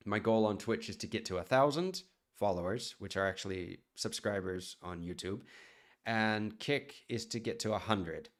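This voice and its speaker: A man's voice: fairly low pitch, moderate pace. A man from the United States, a chef chatting casually on a live stream and answering viewer questions in a rambling way.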